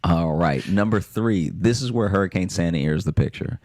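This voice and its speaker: A man's voice: deep voice, brisk, darkish tone, no echo. A man reading listener stories aloud on a comedy podcast, dry with bursts of laughter. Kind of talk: comic podcast chat.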